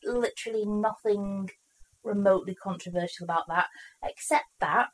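On poor-quality audio, the same kind of casual TV recap comes from a woman co-hosting a podcast in a mid-range voice at normal speed. She's animated, performing the characters' lines as she retells the episode.

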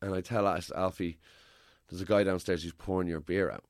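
A man with a low-pitched voice tells a story in easy, casual chat, swearing freely as he goes. He acts out the people in his story as he talks. The sound is dry and close, with no room around it. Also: fairly even intonation, brisk, no room sound. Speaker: podcast guest telling a story.

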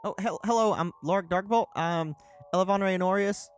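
A man's voice: sits high, fairly quick, soft background music. A man playing a tabletop game, talking hesitantly with stammers and fillers. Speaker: player. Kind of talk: tabletop game play, in and out of character.

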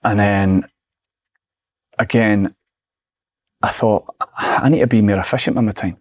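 As a podcast guest, a Scottish ex-footballer in his forties tells lively stories in casual chat, performing his own past remarks. He has a lowish voice and a measured pace, with a dry, studio-quality recording.

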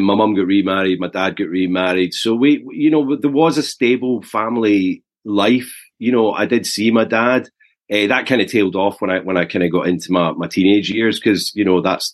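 A Scottish man in his forties with a soft Glasgow accent, telling his life story in a podcast conversation, earnest and halting as he restarts and repeats words. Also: sits low. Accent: Glaswegian Scottish. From Scotland. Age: 40s. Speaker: podcast guest.

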